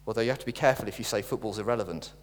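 A man's voice: lowish voice, rapid-fire. A middle-aged man preaching a sermon in a church, earnest with wry asides and jokes. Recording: reverberant church hall.

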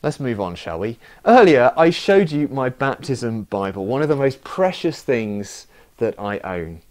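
A man's voice: mid-range voice, sing-song, measured pace, a little mellow. A man preaching a sermon, telling stories with self-mocking humour.

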